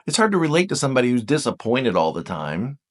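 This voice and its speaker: Talking straight to the viewer in an animated way, a man teaches a relaxed lesson about the Enneagram, reading book excerpts aloud and adding his own remarks. His voice sits in the mid range and moves at a quick pace.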